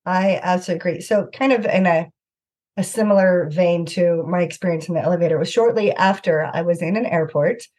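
A middle-aged woman guest recounting a personal story with earnest animation, often slipping into the voices of the people involved. Her voice has a slightly husky, breathy edge. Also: lowish voice, a little fast. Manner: earnest, animated anecdote-telling with acted-out quotes. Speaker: author and guest. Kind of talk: conversational storytelling.

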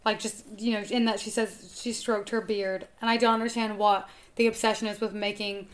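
A woman's voice: mid-range voice, little pitch movement, normal speed. A woman from the United States co-hosting a podcast, chatting casually and emphatically. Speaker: podcast co-host. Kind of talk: casual chat.

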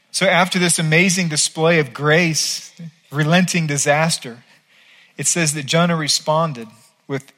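A man preaching a sermon as pastor, earnest and emphatic, swinging between quiet and loud. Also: a little high.

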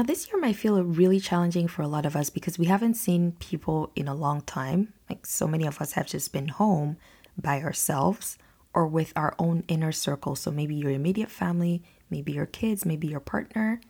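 A woman hosts a solo podcast with a slightly low, husky voice. She talks in an earnest, conversational way, reassuring her listeners as she goes. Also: mellow. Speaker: podcast host.

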